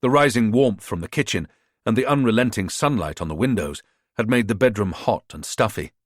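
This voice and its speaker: A man narrating a thriller audiobook in an expressive, measured way. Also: on the low side, no echo, studio quality. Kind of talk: scripted narration.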